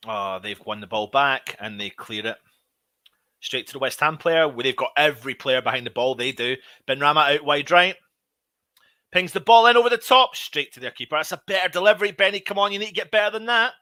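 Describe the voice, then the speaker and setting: A man hosting a live fan watch-along, commentating on the match, shouting at big moments and grumbling at his own players. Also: medium pitch, a little fast, dry recording. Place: at home.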